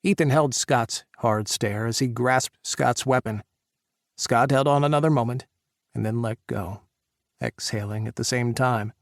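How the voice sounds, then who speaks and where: A man narrating an audiobook in a measured, even reading voice. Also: mid-range voice, dry recording, studio quality.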